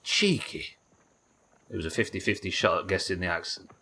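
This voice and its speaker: A man's voice: low voice, level tone, rapid-fire, pushed and bright. A man with a New Zealand accent streaming a video game live, thinking aloud, swearing casually and answering chat. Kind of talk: live gameplay commentary.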